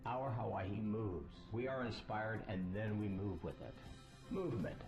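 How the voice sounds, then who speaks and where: A man voicing a car commercial with slow, dramatic, breathy phrasing. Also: lowish voice, lively intonation. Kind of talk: car dealer commercial voice-over. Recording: echoey ad voice-over with music.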